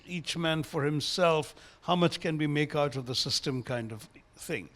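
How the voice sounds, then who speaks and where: A man's voice: fairly high pitch, fairly bright tone. A man, a guest speaker in an on-stage conversation, talking in articulate, formal wording and telling stories. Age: 60s.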